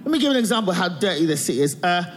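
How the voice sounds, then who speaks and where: Male comic, high and animated, live in a reverberant hall with room noise. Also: rapid-fire. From England. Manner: animated, mimicking, playful. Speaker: stand-up comedian. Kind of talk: stand-up comedy.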